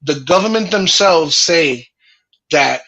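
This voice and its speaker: A man in a casual podcast chat, telling a heated, profane story with a husky voice. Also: a little high, animated, slow, bright, forceful tone, low-quality recording. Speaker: podcast host.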